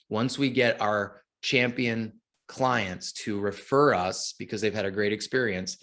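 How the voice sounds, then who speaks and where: A man's voice: on the low side, fairly bright tone. A man presenting a marketing masterclass in an upbeat, chatty way, often putting questions to his listeners. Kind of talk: lively webinar teaching.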